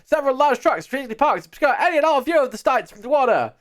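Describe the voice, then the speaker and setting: A woman putting on the voice of a brisk 1930s newsreel announcer, reading in an emphatic announcer cadence. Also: sits high, lively intonation, pitched above the performer's own voice. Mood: announcing. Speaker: streamer. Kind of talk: mock newsreader voice.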